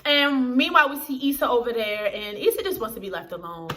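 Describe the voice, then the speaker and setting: A woman's voice: fairly high pitch, expressive, a little fast, sharp tone, soft background music. A young woman reviewing a TV episode in casual chat to camera, talking straight to her viewers in a slangy, chatty way.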